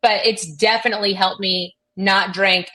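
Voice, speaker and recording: Woman, middle-aged, bright voice, chatty, rambling, full of fillers, podcast guest. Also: mid-range voice, fairly even intonation, normal speed. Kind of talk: casual storytelling.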